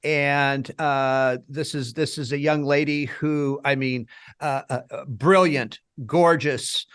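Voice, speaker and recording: A man's voice: fairly high pitch, steady tone, takes it slowly, fairly bright tone, clean tone, no room sound, clean studio sound. A man co-hosting a recovery-group interview, speaking emphatically with stammered starts. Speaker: co-host, founder of recovery group. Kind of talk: casual interview chat.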